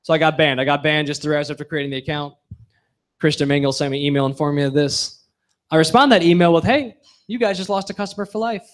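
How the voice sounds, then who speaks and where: A young man doing a stand-up comedy set on a bar stage, with punchy deadpan delivery that drops low for asides. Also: quick pace.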